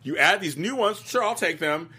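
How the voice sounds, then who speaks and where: A man's voice: high voice, normal speed, breathy edge. A man co-hosting a podcast, chatting casually about the week's soap episodes and quoting characters in playful voices. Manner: animated, quotes characters in playful voices, laughs often. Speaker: podcast co-host. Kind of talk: casual chat reviewing a TV soap.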